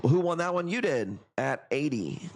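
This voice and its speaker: A man's voice: a little high, very animated, moderate pace, gravelly. A man hosting a live coral auction stream, chatting casually with viewers in profane, joking, rambling banter. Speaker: livestream coral auction host. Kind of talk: casual live sales chat.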